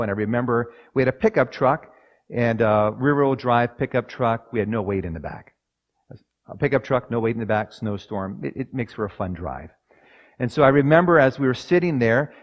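A man preaching a sermon, moving from quiet personal storytelling to loud, dramatic scripture readings. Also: medium pitch, highs cut off.

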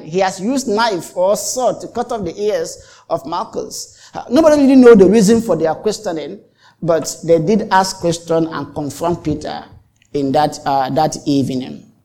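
In a medium-pitched voice with a dark tone, a pastor gives a dramatic sermon. He performs the exchanges he narrates and keeps restarting and repeating phrases for emphasis.

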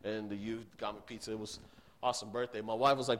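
Casting: man in his thirties, youth pastor at the pulpit, earnest storyteller, loud then hushed. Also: on the low side, fairly even intonation, fast. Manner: earnest storytelling, swinging between loud emphasis and hushed tones. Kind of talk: sermon.

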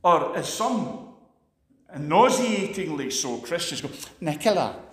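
Impassioned high-voiced male preacher. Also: sing-song, slow pace. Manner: impassioned preaching, swings between loud emphatic peaks and hushed asides. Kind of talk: sermon.

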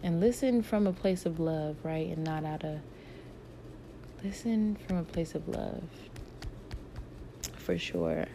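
A woman's voice: mid-range voice, creaky, a little mellow, slight background noise. A woman in casual advice talk who answers viewer questions from her work with patients. She is reflective and encouraging, and she circles back to repeat her main points.

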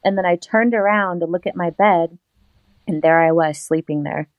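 A woman telling a personal story in an interview, animated and laughing often as she acts out what she said at the time. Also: lowish voice, moderate pace, no echo, phone-quality sound. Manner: animated, laughs often, acts out her own past lines. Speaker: guest.

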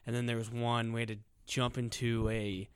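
A man's voice: mid-range voice, level tone, moderate pace, smooth, no echo. Hesitant young man, dry close sound. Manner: hesitant, restarts when put on the spot. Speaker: podcast co-host. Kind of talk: casual chat.

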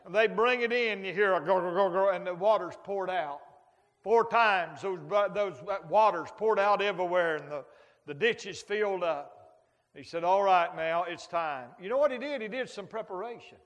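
A man's voice: sits high, normal speed, a bit bright. A man preaching a folksy sermon, telling stories with sound effects and humor as a traveling preacher. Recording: long hall reverb.

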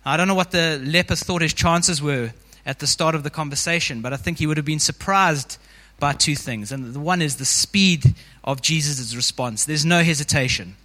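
A man delivers a relaxed, conversational sermon to his congregation, his voice a little high and strikingly bright. He keeps talking in an easy, informal way and leans on "you know" again and again. The sound carries the long reverb of a large hall. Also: moderate pace, hardly any pauses. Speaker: preacher.

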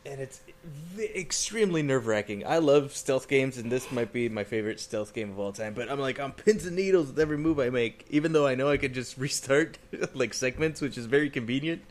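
A man's voice: medium pitch, expressive, fairly quick, few pauses. A man co-hosting a casual podcast, talking about video games and laughing a lot. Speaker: podcast co-host. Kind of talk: casual chat.

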